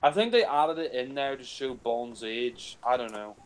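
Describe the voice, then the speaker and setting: A man's voice: mid-range voice, animated, normal speed, low-quality recording. A man casually commentating on a film, blunt and crude, with lots of fillers like "you know".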